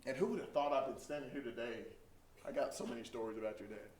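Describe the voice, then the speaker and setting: A middle-aged man from Texas, a trainer giving a lively storytelling talk to a group. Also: mid-range voice, fast talker. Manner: animated storyteller, acts out quoted voices. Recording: echoey room from a distance, faint hum.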